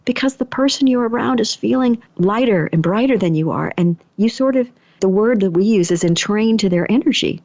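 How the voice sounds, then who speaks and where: A middle-aged woman hosts her own podcast, sharing personal stories in a relaxed, chatty way. She slips into the voices of the people and thoughts she quotes, with a pitch that sits in the middle for a woman. The recording is dry and a little dull, with no room sound. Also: a little fast, hardly any pauses, dry recording. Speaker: podcast host and energy healer. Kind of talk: casual personal storytelling.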